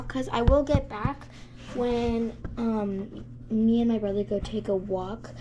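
Chatty higher-voiced woman vlogger. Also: steady tone, a little slow, darkish tone, a little hiss or hum. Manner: chatty, filler-heavy, with lots of "like" and "um". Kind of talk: casual vlog talk.

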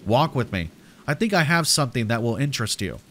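Man doing a nervy manic trapped guy, low muttering dread, middle-pitched, rain behind. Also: big pitch swings, fairly quick, fairly bright tone. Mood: cryptic. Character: jittery, manic man trapped too long, fearful.

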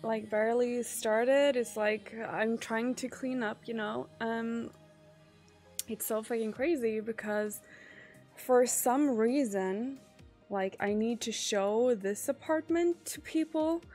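A woman's voice: on the high side, slow, a little mellow, faint music behind. A woman streamer in casual chat with her viewers. She is chatty, swears often and trails off with fillers.

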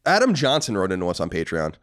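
Animated man co-hosting a podcast. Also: low-pitched, fast. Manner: sarcastic, playfully mocking. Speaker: podcast co-host. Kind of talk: casual podcast chat.

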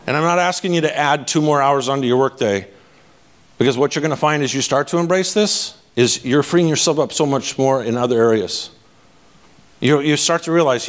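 Energetic, blunt man giving a keynote. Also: medium pitch, a little fast. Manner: energetic, casual and blunt, often asking the audience "right?". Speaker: conference speaker. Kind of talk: live keynote talk. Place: conference stage.

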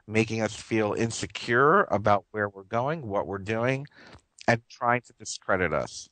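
In an earnest, meandering monologue, this radio talk show host keeps restarting his sentences and chuckles here and there. He speaks expressively and a little slowly in a slightly low voice with a bright, forceful tone. The recording is dry and close, free of room echo.

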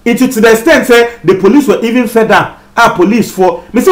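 Ghanaian male TV presenter, high voice, talks straight to viewers, echoey room. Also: fairly quick, hardly any pauses. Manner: mixes Twi with English; addresses viewers directly. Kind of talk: commentary on a news story. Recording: roomy echo.

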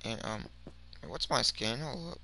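A young man giving slangy, rambling commentary over his game, swinging from mumbles to shouts. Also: mid-range voice, a little slow, slight background noise. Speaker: gaming video creator. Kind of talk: casual gameplay commentary.

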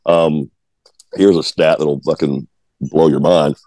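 A man in his forties from Georgia, a former baseball player, speaks as a guest in a casual interview, telling blunt, profane stories and repeating words when he restarts. His voice is extremely low, steady and warm, with a slow pace and no room sound.

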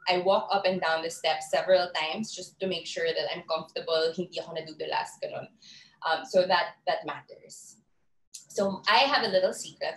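Filipino woman talking lively on a zoom call, lowish voice, roomy sound, bit of hiss. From Philippines. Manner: lively, chatty, mixes in Tagalog words. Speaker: guest speaker. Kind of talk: live online talk on public speaking. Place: small room alone. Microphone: video call. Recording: roomy video call with faint background noise.

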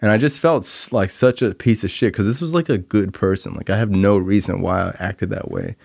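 A young man with a gravelly, low voice tells his story in a loose, rambling way, packing his sentences with fillers. He is candid and hard on himself. The sound is close and dry, with no room echo. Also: fairly quick, a little mellow. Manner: candid and self-critical. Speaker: podcast host sharing recovery story. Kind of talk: casual storytelling monologue.

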